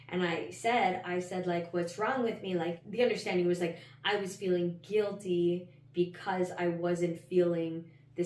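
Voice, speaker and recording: A woman with a somewhat low voice tells her own story as a podcast host, candid and rambling, with plenty of "like" and casual swearing. She sits a bit away from the microphone. The room around her is noticeably echoey. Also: a little mellow. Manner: candid and rambling, heavy use of "like", frequent swearing. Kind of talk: personal storytelling monologue. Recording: roomy, slightly distant mic.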